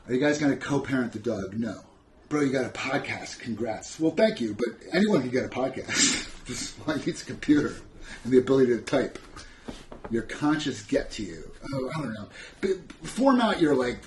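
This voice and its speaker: A man's voice: medium pitch, a little hiss or hum. A young adult man hosting a casual live-stream Q&A, reading chat questions aloud and answering them bluntly with sarcasm and swearing. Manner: sardonic, blunt, swears freely.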